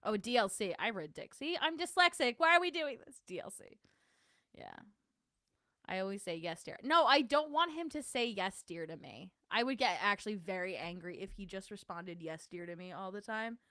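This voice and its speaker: Chatty woman livestreamer, smooth and dry. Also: mid-range voice, expressive, normal speed, pushed and bright, no echo. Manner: chatty, self-deprecating, reads and answers chat. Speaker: livestream host. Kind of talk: casual livestream chat.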